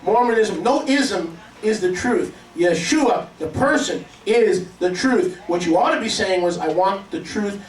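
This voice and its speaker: A man's voice: high-pitched, lively intonation, a little slow, hardly any pauses. A man preaching a sermon to a congregation, emphatic and calling for responses. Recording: echoey room, mic at a distance.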